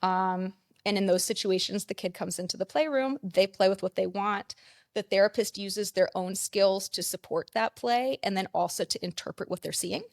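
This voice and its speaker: A woman's voice: mid-range voice, moderate pace, creaky, no room sound, studio quality. A woman counselor and play therapist explaining ideas in a conversational interview, with frequent "like" fillers.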